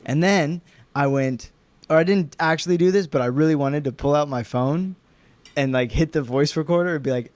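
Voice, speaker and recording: A man's voice: a little high, moderate pace. A man from Alaska, co-hosting a casual podcast, telling a story with lots of swearing and acted-out dialogue. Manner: animated storyteller, swears a lot, acts out dialogue. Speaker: podcast co-host.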